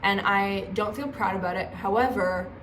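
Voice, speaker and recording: Young woman vlogging, chatty and animated, says like a lot, roomy echo, mid pitch. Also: moderate pace. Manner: chatty, animated, lots of 'like'. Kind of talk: casual storytelling vlog. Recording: echoey room with faint noise.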